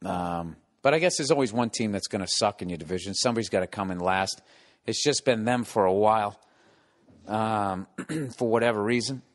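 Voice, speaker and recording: In a casual home-recorded podcast monologue, with construction noise underneath, a middle-aged host rants with swearing, sarcasm and mocking impersonations. He speaks at a moderate pace with a fairly low pitch.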